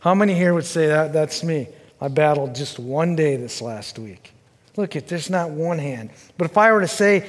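A male pastor preaching a sermon, asking the congregation questions and swinging from fervent pleading to quiet, low reflection. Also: moderate pace, in a large hall. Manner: earnest and questioning, rising to fervent pleading then dropping low.

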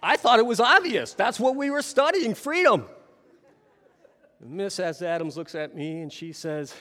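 A man telling a story to an audience in an animated way, often turning to ask the listeners questions. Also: high-pitched, unhurried, in a large hall. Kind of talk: storytelling talk.

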